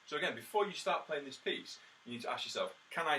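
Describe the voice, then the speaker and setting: A man's voice: a little high, expressive, quick pace, few pauses, sharp tone. A man giving a brass tutorial, explaining practice tips and counting beats and sounding out rhythms with spoken "ta" syllables. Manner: practical, encouraging, lots of "uh" and "um". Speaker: brass teacher. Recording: somewhat distant mic with faint background noise.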